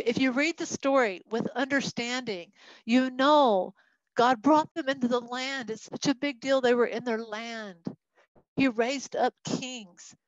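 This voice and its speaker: A woman's voice: a little high, no room sound, lo-fi sound. A woman teaching a Bible study lesson, talking to a group and acting out the voices of people she quotes. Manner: animated, acts out quoted voices.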